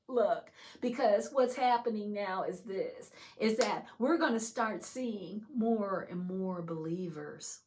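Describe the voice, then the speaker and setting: Woman host, casual religious testimony; exuberant, breaks into soft whispered prayer. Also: medium pitch, measured pace, few pauses. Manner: exuberant, shifts between loud excitement and hushed whispers; chatty, many fillers like "you know". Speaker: video host sharing testimony.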